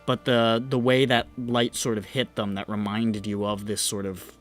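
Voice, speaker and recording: A man acting as game master for a tabletop game, describing scenes slowly and tentatively. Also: on the low side, monotone, faint music behind. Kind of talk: narrating a tabletop game, casual chat.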